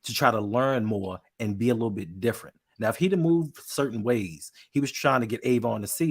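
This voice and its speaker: A man with a Baltimore accent chats on a podcast, acting out the voices in his stories. His tone is a little husky and rough at the edges. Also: medium pitch, a little fast, hardly any pauses. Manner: animated storyteller, acts out quotes. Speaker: co-host. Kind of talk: casual podcast chat.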